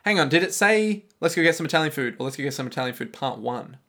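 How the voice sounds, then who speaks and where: Playful man, slightly high voice. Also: animated, a bit bright. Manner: playful, slips into quick character voices. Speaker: podcast co-host. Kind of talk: casual chat.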